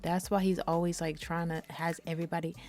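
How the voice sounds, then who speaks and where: A woman's voice: fairly low pitch, brisk, faint music behind. A young woman giving casual, chatty let's-play commentary and talking straight to her viewers. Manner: chatty, animated, addresses viewers as y'all. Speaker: gaming YouTuber.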